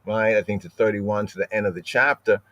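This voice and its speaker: A man's voice: lowish voice, steady tone, brisk, fairly bright tone, highs cut off. A man hosting a streamed scripture study, explaining at length, repeating words and often tagging "right?". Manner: lingers over word pronunciations. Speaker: podcast host teaching scripture.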